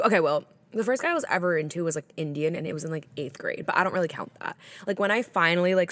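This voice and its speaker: A woman's voice: on the low side, a bit bright. A young woman in her twenties co-hosting a podcast, rambling casually with many fillers and hunting for words. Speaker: podcast co-host. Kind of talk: casual chat.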